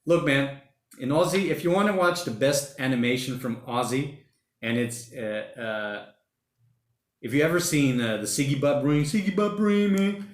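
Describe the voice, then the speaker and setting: Livestream host, male, mid-pitched, rambling and slangy, reading chat aloud in a roomy, echoey space. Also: normal speed. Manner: rambling, chatty, uses slang like mate and bloody. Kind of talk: casual livestream chat reading viewer comments. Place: home during lockdown.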